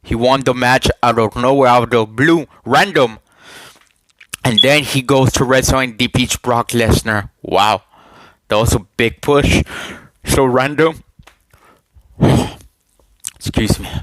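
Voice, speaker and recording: A man speaks into a headset mic in a casual home vlog, at a slow, unhurried pace. He talks in halting bursts, repeats words and throws questions at his viewers. The sound is dry and close. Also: medium pitch, a bit bright, dry recording, poor audio. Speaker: YouTuber giving wrestling predictions.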